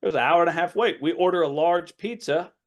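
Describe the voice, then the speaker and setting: Male, 30s, American, podcast guest, lively storyteller who voices other people. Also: on the high side, brisk. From United States. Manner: animated anecdote-telling, acting out quoted voices, laughs often. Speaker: assistant basketball coach, podcast guest. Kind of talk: casual storytelling in a podcast interview.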